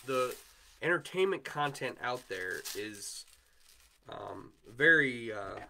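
A man's voice: mid-range voice, expressive, slow pace, vocal fry, sharp tone, slight background noise. A man with a Wisconsin accent hosting a livestream, chatting casually and rambling while he works on chainmail and answers viewer comments. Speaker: livestream host, chainmail maker.

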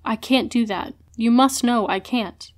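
A woman's voice: fairly high pitch, measured pace, lightly acted. Woman reading as a pleading young man. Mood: regretful.

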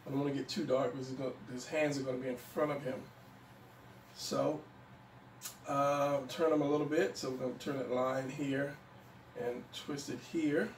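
A man giving a relaxed drawing tutorial, thinking aloud as he sketches and often pausing with fillers. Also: mid-range voice. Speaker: drawing instructor. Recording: echoey room, mic at a distance, faint background noise.

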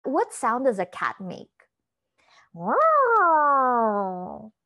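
A woman's voice: a little high, lively intonation, very slow. A woman from the Philippines leading a children's yoga class, giving encouraging, sing-song instructions and asking questions. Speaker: kids' yoga teacher.

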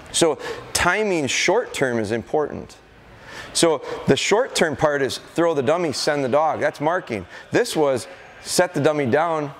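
A man's voice: a little high, a little hiss or hum. A middle-aged man, a dog trainer, leads a live seminar, telling stories and acting out what dogs and their owners say. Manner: anecdotal, acts out dogs and owners. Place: event hall at a deer festival. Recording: long reverb of a large hall.

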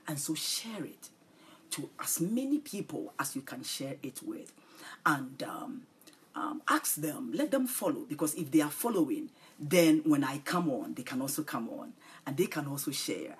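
A woman preaching and praying on a livestream, pleading and tender, often repeating short phrases and dropping into soft breathy whispers. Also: rumbling low, slight background noise. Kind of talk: livestream sermon and prayer.

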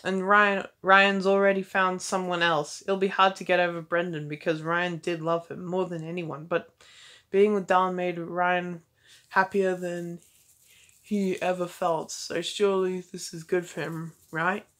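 Teenage girl, fanfiction reader, lowish voice, halting restarts, dry asides. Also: flat delivery, fairly bright tone, poor audio. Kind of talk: casual fanfiction reading with asides. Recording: faint background noise.

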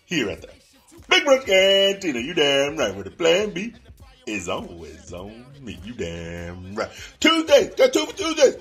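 A man's voice: huge pitch swings, a little slow, a bit bright, faint music behind, exaggerated voice. A man doing a brash, profane wrestler's promo. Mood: boastful. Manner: profane, boastful, with wild pitch swings. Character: brash trash-talking male wrestler hyping his club.

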